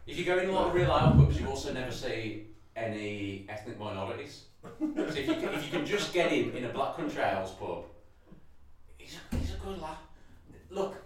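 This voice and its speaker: A young man in casual comedic chat, swearing and laughing through lively banter. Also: mid-range voice, brisk, a crowd in the background. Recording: very echoey room, distant mic.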